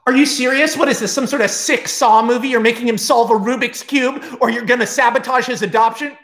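A man voicing a volatile young woman, the addict girlfriend in a spoken movie pitch, sounding incredulous and mocking. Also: steady tone, a little fast, a bit bright, roomy sound.

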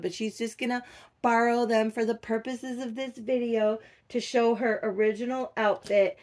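A middle-aged woman, chatting casually to her viewers in a soft, rambling way with many fillers. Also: medium pitch, steady tone, normal speed. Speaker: doll collector vlogger. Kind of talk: casual chat to camera.

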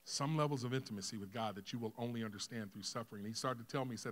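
A middle-aged man preaching a sermon, telling a personal story with acted-out dialogue, dropping to a hush and rising loud. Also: mid-range voice, fast talker. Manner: emotional storytelling, acts out dialogue, swings from hushed to loud. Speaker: pastor. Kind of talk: sermon testimony.

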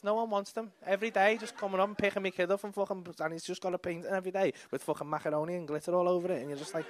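A young man with a Liverpool accent does stand-up crowd work on a comedy club stage, talking into a handheld mic in a high, racing voice. His banter with audience members is brash, teasing and sweary.

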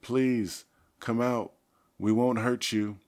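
A man voicing a fearless teenage boy who calls out in a loud, clear voice. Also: mid-range voice, fairly even intonation, takes it slowly, voice pushed up, lightly acted. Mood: calling out. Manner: loud and clear when calling out. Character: fearless teenage boy, eager to meet aliens.

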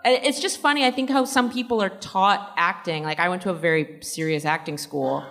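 A woman actor on a convention panel answers fans a little fast, her fairly low voice with a fairly bright tone, laughing often and chatting with many fillers. Soft background music and the long reverb of the large hall are audible.

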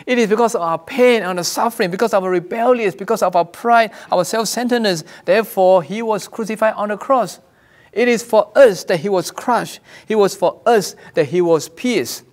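A man's voice: high-pitched, normal speed. A man preaching a sermon as pastor, earnest, repeating and restarting phrases, raising his voice for quoted cries. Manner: raises voice when quoting cries from scripture.

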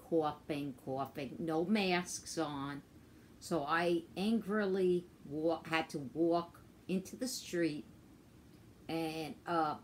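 Woman vlogger, slow halting rant into a phone, lowish voice, blunt and profane. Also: a little hiss or hum. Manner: frustrated, profane, slow and halting with many fillers. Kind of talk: casual rant to camera. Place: outdoors on a walk.

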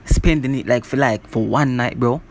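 Man, song reviewer, animated casual patter, middle-pitched, faint hiss under his voice. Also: normal speed. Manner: animated, peppers talk with "bro" and "you see me". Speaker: music reviewer.

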